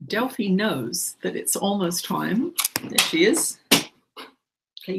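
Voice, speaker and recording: Woman doing a channeled spiritual talk, kinda creaky voice, slow repetitive earnest advice. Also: mid-range voice, lively intonation, heavy background noise.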